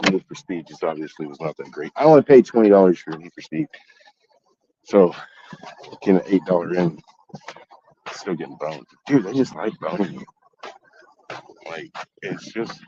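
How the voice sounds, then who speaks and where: A man with a low, dark, mellow voice tells a store story in a casual vlog. He rants heatedly and swears freely, and his voice leaps up when he gets angry. The recording sounds a bit dull and lo-fi. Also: a little hiss or hum. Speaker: collectibles channel host.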